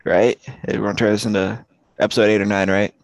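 A man's voice: lowish voice, flat delivery, quick pace, gravelly, no echo. A man co-hosting a podcast in easygoing casual chat, saying "dude" and "man". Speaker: podcast co-host.

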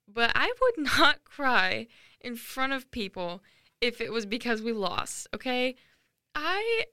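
A woman's voice: fairly high pitch, bright, forceful tone, clear, resonant tone, no echo, clean studio sound. A teenage girl talking casually and candidly about her own life, chatty and self-deprecating. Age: teens. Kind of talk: casual personal monologue.

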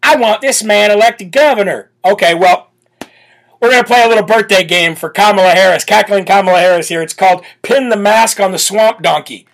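A man's voice: high voice, fairly quick, vocal fry, fairly bright tone. Brash sarcastic male show host. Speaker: political talk show host. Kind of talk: opinionated solo commentary.

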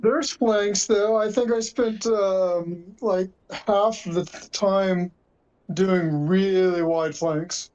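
High-voiced man, slightly lo-fi. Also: steady tone, extremely slow, a little mellow. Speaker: podcast co-host. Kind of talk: casual chat.

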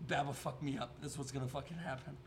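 A man's voice: medium pitch, fairly even intonation, quick pace, slight background noise. A young man hosting a podcast, chatting casually and telling jokey stories full of swearing. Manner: profane, rambling, jokey storytelling. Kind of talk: casual chat.

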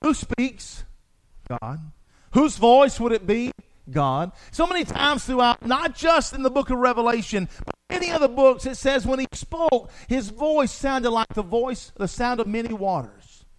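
A man's voice: extremely high pitch, animated, a little slow. A man preaching a sermon with passion, repeating phrases for emphasis.

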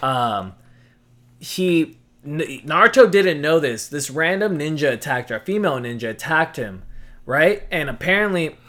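A man's voice: on the high side, expressive, unhurried, a bit bright. A man hosting a podcast, bantering loosely with friends, swearing freely and laughing often. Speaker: podcast host. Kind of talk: casual chat.

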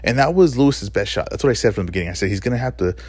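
Talking very fast and with plenty of animation, this podcast host of Mexican heritage offers an opinionated, emphatic monologue on fights, often backtracking mid-sentence. His lowish voice is a little mellow, with no room sound.

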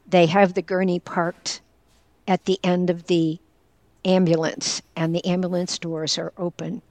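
Older woman, earnest and low-voiced. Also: no room sound. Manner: earnest, candid, tells a personal story and quotes others directly. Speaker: guest, caregiver and former teacher. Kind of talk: conversational storytelling in an interview.

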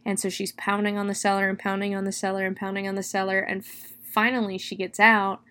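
A woman's voice: mid-range voice, quick pace. Chatty woman recapping a horror novel. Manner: chatty, with many "like" and "you know" fillers; expressive, dwelling on gory detail. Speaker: book reviewer. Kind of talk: casual plot recap.

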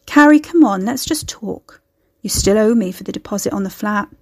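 A woman puts on a manipulative ex-boyfriend in a dry, close audiobook reading. He is smooth and pleading, with his arrogance showing through a self-pitying whine. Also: medium pitch, animated, normal speed, a little mellow, dry recording. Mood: wheedling.

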